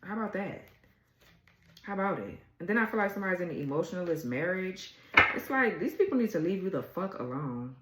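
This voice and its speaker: Low-voiced, profane woman tarot reader. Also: animated, fairly quick, roomy sound, heavy background noise. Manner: blunt, profane and exasperated. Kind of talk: casual tarot reading.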